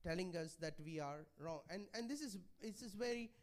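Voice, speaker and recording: High-voiced man preaching a sermon. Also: lively intonation, brisk. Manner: pleading, conversational preaching with frequent "right?". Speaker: pastor. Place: church.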